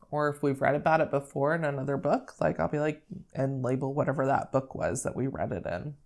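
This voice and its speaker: A young woman speech therapist explaining how to model language during a read-aloud, in an animated teaching manner. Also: rumbling low, a little fast. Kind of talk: instructional talk with read-aloud.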